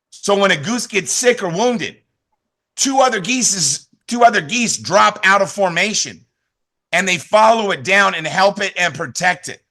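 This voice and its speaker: His voice sitting high, a man pumps up his team in a motivational training session on a video call, leaning heavily on repetition and frequent "right?" tags with lots of energy.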